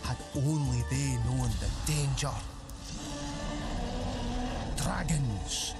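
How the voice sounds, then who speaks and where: A slow, grave fantasy trailer narrator. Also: male voice, mid-range voice. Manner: slow, grave, dramatic pauses. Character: solemn male narrator of a fantasy legend. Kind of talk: scripted epic narration. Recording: trailer audio under loud music.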